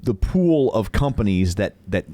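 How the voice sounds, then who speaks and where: A man's voice: fairly low pitch, big pitch swings, a little slow, dark tone. Wry joking man podcast co-host. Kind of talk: casual chat.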